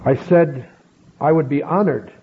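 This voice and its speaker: A middle-aged man slowly telling a personal story, acting out bits of dialogue. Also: on the high side. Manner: slow, measured storytelling with acted quotes. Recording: phone-like narrow sound with faint hiss.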